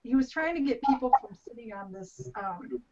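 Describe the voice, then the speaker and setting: A woman on a podcast telling a quick, chatty story in casual conversation. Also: a little high, lively intonation, noisy background. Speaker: podcast guest. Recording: muffled lo-fi audio, off-mic.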